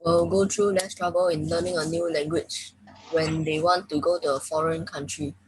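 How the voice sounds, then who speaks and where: A woman's voice: sits low, flat delivery, normal speed, slightly rough, dry recording, low-quality recording. A female student reading her essay aloud carefully, with small slips.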